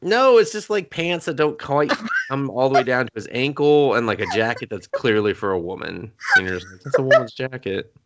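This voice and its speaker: A man's voice: mid-range voice, expressive, brisk, few pauses, very noisy. A young man on a podcast casually recapping an anime episode, rambling, laughing often and coughing now and then. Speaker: podcast co-host.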